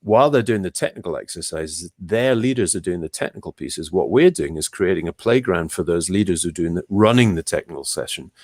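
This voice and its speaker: A man, a guest in an interview, explaining his ideas with lively, animated storytelling. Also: brisk, hardly any pauses, no room sound, studio quality. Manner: animated storyteller, lively pitch jumps and pace shifts. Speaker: guest, leadership trainer. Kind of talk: conversational interview.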